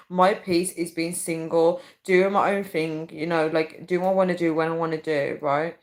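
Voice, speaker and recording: Casting: young woman, chatty livestream host, breaks into shrieking laughs. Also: lowish voice. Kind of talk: casual livestream chat reading comments.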